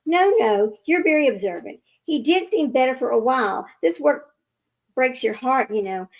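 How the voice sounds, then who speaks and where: Brief: a woman voicing a manipulative fake doctor, tired and sentimental, gravelly, a bit high. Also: expressive, normal speed, low-quality recording. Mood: weary sentimental. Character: manipulative self-pitying woman posing as caring doctor.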